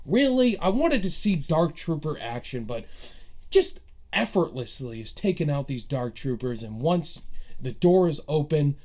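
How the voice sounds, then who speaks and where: A man's voice: on the high side, big pitch swings, a little slow, darkish tone. Eager man recapping an episode. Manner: eager, emotional recapping of plot beats. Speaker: movie reviewer. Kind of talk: casual spoken episode review.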